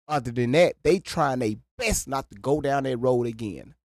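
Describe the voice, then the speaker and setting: In studio-quality audio with no room sound, a man runs a live reaction stream at a moderate, animated pace. His casual talk is full of stammers and repeated words, and it swings from low muttering to loud exclaiming.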